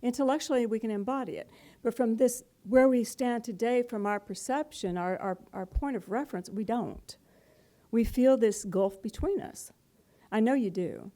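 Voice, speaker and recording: A middle-aged woman gives a spiritual talk to a live audience in a mellow, rather high voice. She keeps it playful and conversational and often laughs along with her listeners. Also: normal speed. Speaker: spiritual teacher.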